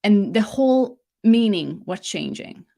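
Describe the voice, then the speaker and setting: A woman's voice: medium pitch, unhurried, gravelly. Chatty woman hosting a live masterclass. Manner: chatty, self-correcting, lively emphasis. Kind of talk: casual live talk.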